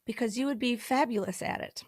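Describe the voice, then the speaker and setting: A young American woman chatting as a guest, her voice pitched a bit high. She sounds eager and generous with praise, and the recording is dry and close with no room around it. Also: brisk, no room sound. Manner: enthusiastic, complimentary, laughs easily. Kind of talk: casual livestream chat.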